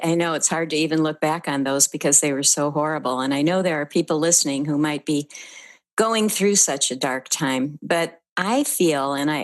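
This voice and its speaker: An elderly woman in her eighties speaks gently and earnestly, with soft laughs and pauses, as she shares memories. Her voice sits low for a woman. The sound is dry and close, with almost no room echo. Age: 80s. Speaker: guest, writing teacher and author. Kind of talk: reflective personal storytelling.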